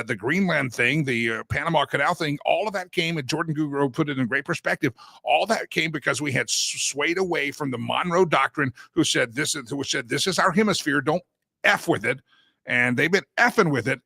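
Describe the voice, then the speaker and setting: A man's voice: on the high side, creaky, sharp tone, no echo. A male talk show host on a live political show, ranting and getting worked up, then doing a folksy sponsor read. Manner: fiery, gets worked up, ranting.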